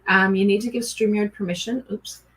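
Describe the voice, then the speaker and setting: A middle-aged woman speaks on a live stream, pulling oracle cards for viewers and greeting each one by name. Her talk is chatty and easygoing, with bursts of gushing excitement. A faint hiss of noise sits under her voice. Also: mid-range voice, a little fast. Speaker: oracle card reader. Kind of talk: live-stream card reading.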